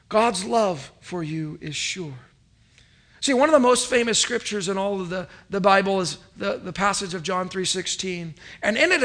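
A male pastor preaching a sermon, emphatic, moving between loud declarations and quiet asides and calling on the congregation to respond. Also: sits high.

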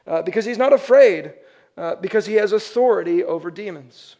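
High-voiced man preaching a lively sermon. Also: brisk. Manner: animated, acts out quoted voices. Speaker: pastor.

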